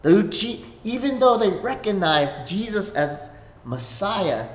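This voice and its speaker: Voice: mid-range voice, slow pace. Emphatic pastor in an echoing hall. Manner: animated, swings between emphatic and hushed, many rhetorical "right?". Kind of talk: sermon. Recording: echoey reverberant hall.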